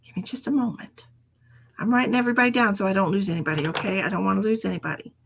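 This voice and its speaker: On a live stream, a psychic medium gives readings in a chatty way, calling people darling and sweetheart. Her voice is mid-range with vocal fry, and she speaks at a racing pace over slight background noise.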